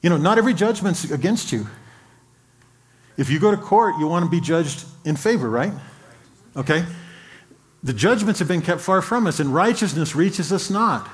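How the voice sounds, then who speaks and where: Man preaching in a conversational way. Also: a little high. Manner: conversational preaching, reads scripture slowly and emphatically; repeats and restarts words. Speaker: pastor. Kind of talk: sermon.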